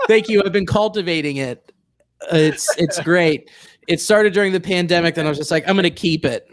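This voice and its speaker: A man's voice: sits high, moderate pace. A man guesting on a casual podcast as a comedian, laid-back and easygoing. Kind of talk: casual chat.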